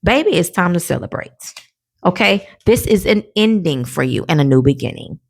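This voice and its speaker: A woman from New Orleans gives a laid-back tarot reading to her followers from home. Her voice sits on the lower side, and she talks in a warm-hearted, encouraging stream. She keeps tagging "right?" onto her points and breaks into laughter often. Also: brisk, vocal fry, slightly rough. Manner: chatty and encouraging, tags lines with "okay?" and "right?"; animated, with frequent laughter. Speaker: tarot reader. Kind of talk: casual tarot reading to viewers.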